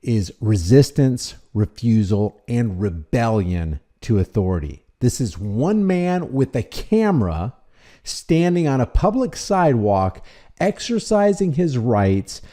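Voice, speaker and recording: A man narrating commentary over a video in a mellow, warm tone. His delivery is fiery and emphatic, and his pitch swings widely as he drives each point home. He sounds like a passionate preacher of rights. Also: sing-song, takes it slowly.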